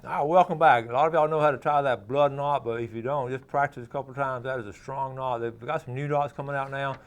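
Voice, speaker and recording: A man's voice: medium pitch, steady tone, fast, soft background music. Folksy man hosting a fishing show. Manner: folksy, tags sentences with "okay?". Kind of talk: casual how-to demonstration and chat.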